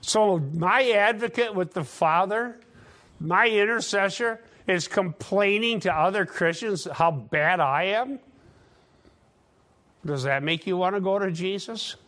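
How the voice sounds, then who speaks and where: A man delivering a sermon in a fairly high voice. He teaches in an easy, conversational way, dropping in sarcastic asides and pressing harder as his points build. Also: unhurried, a bit bright. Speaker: preacher.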